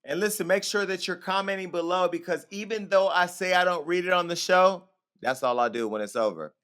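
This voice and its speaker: A man's voice: high voice, a little fast, fairly bright tone, clear, resonant tone. A man hosting a talk show, speaking bluntly and joking in casual chat with his co-hosts. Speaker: host.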